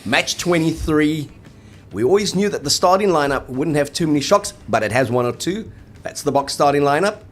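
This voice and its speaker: A man co-hosting a rugby show, chatting in lively, jokey banter. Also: fairly high pitch, moderate pace. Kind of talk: casual sports chat.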